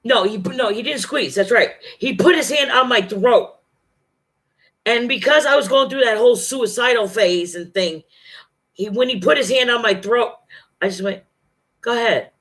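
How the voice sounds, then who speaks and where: Vlogger, bright forceful voice, profane, emphatic storytelling, acts out quotes. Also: mid-range voice, moderate pace. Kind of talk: casual storytelling monologue.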